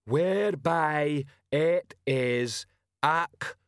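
A man voicing a huge, slow-witted male troll sergeant who speaks slowly and loudly in an audiobook reading. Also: a little high, no echo, clean studio sound, pitched above the performer's own voice. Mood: bellowing. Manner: slow, loud, laborious.

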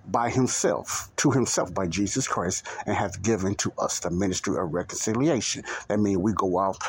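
A man's voice: sits low, moderate pace, slightly rough. A man hosting a bible teaching podcast, talking emphatically, repeating points and asking the listener rhetorical questions. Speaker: podcast preacher.

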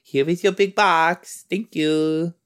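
A man voicing an eerie little boy vampire in a high, sing-song childlike voice. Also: fairly even intonation, slow pace, fairly bright tone, clear, resonant tone.

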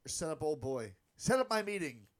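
A man hosting a podcast, trading crude jokes and quick profane jabs in casual banter. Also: on the high side, very animated. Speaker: podcast host.

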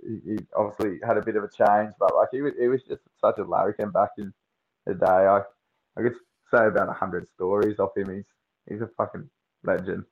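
A young Australian man with a fairly low voice talks loosely and swears often, spinning rambling stories in broad slang. His voice comes through dull and lo-fi. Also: fairly even intonation, brisk, vocal fry, slightly rough. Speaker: podcast guest. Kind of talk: casual chat.

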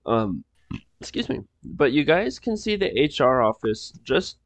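A man's voice: a little high, sing-song, unhurried, dry recording. A man running a tabletop game as game master, narrating in a casual, rambling way with frequent laughs.

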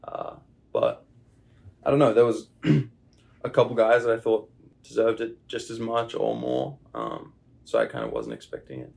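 A young man with an Australian accent chatting casually as a podcast guest, relaxed and rambling with plenty of fillers. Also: lowish voice, measured pace, vocal fry. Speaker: guest, baseball player. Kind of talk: casual interview chat. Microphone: podcast microphone.

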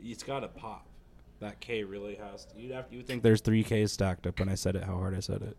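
A man's voice: on the low side, fairly even intonation, brisk, warm tone. A young man co-hosting a podcast, telling crude, profane stories in a laid-back way. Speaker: podcast co-host. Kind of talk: casual crude podcast banter.

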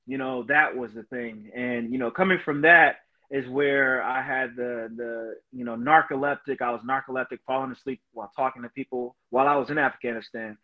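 Speaking a little fast in a steady, middle-pitched tone, this podcast guest, a Marine veteran and motivational speaker, shares his experiences earnestly and emotionally, leaning often on "you know." The sound quality is slightly dull and lo-fi.

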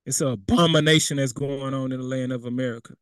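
A young man preaches a sermon in a plain, conversational way, dropping into casual street phrasing and acting out what people say. His voice is mid-range with fairly even intonation, and he talks fast. The tone is clean, with no room sound.

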